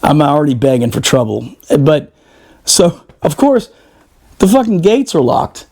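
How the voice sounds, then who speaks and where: Man, somewhat high voice, casual podcast storyteller, swears a lot, laughs often. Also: a little slow. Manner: profane, animated, laughing often. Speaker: podcast storyteller, former Marine.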